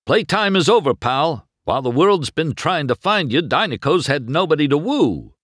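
A man voicing a pushy, fast-talking male talent agent who cuts others off, in a storybook reading. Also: a little high, big pitch swings, fairly bright tone, dry recording, clean studio sound, pitched above the performer's own voice. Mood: brusque.

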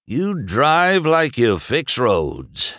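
A man voicing a dry, wise old male car with flat, wry remarks. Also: medium pitch, drawn-out words, no echo, pitched above the performer's own voice, exaggerated voice.

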